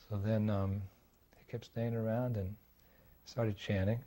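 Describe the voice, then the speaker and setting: A man's voice: lowish voice, unhurried, long pauses, mellow. An older man, a monk speaker, telling a reminiscence in a loose, anecdotal way, full of fillers and acted quotes. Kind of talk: storytelling reminiscence.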